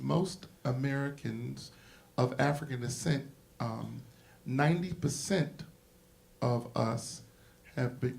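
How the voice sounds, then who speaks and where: A man's voice: medium pitch, vocal fry, a little mellow. A man moderating a symposium panel, explaining ideas in an emphatic, lecturing way like a history teacher.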